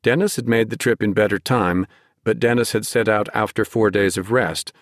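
A man narrating an audiobook in a measured storytelling manner, close to the microphone. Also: lowish voice, no echo. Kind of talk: scripted narration.

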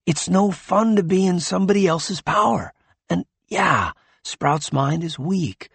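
A man doing a mellow hippie dad. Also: high-pitched, animated, a little slow, gravelly, breathy edge, no echo, voice pushed up, heavily acted. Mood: gentle coaxing. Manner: mellow slang, says "man" often. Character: laid-back gentle hippie father, kind.

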